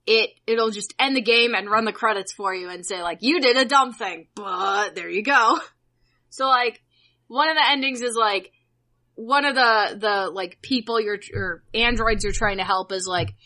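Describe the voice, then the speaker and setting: Bright, excitable woman co-host; a higher voice, gushy casual delivery full of fillers. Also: normal speed. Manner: excitable, gushing, lots of fillers. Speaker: podcast co-host. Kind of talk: casual chat.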